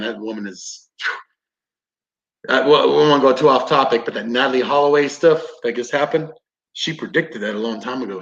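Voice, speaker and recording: With a mid-range, fairly bright voice, a man rambles through a paranormal investigation story, swearing freely and acting out what people said. The podcast audio is roomy, dull and lo-fi.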